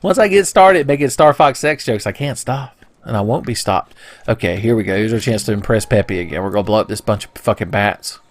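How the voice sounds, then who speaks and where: A man's voice: fairly low pitch, brisk, no echo. A young man casually commentating a video game playthrough, joking, swearing and putting on silly voices. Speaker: let's play commentator.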